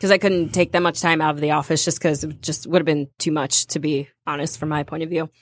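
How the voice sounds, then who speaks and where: A woman's voice: low-pitched, quick pace, no room sound. A woman from the United States co-hosting a show, telling travel stories in casual chat, acting out quotes and laughing often. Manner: animated storyteller, acts out quotes, laughs often. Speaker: radio show co-host.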